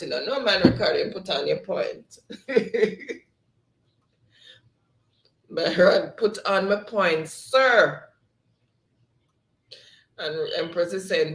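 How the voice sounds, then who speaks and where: A man's voice: high-pitched, expressive, slow pace, vocal fry, pauses often, a bit bright, echoey room. A man hosting a quiz game on a live stream, reading out the players' chat answers and laughing often. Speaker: game show host.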